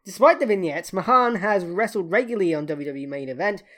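Playful female podcast co-host, lively and expressive. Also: on the low side, fast talker. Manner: playful, laughs easily, swears. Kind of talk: casual comedic wrestling news chat.

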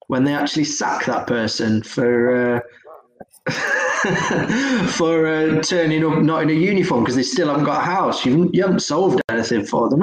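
A man co-hosting a podcast, teasing and laughing often in a casual chat. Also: on the high side. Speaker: podcast co-host. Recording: echoey room, faint noise.

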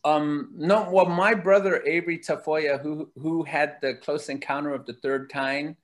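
Animated storytelling man, higher voice. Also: a little slow. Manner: lively, laughs while telling, acts out quoted voices. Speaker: interview guest.

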